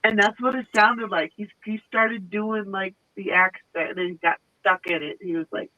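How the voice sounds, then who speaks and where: A man's voice: high-pitched, steady tone, moderate pace, bright, forceful tone, no echo, lo-fi sound. A man chatting casually on a stream, blunt and wisecracking. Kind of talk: casual chat.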